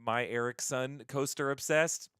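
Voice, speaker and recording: A man's voice: mid-range voice, fairly even intonation, measured pace, fairly bright tone, clear, resonant tone, dry recording. A man guesting on a live stream, chatting casually with dry, self-deprecating humor.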